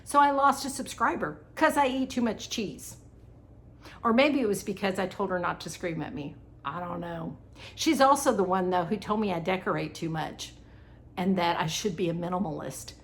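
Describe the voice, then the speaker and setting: Her voice sits lowish and moves at a normal speed. A vlogger and wellness coach, she's preparing food at home while chatting casually, quick to laugh, with a "y'all" thrown in.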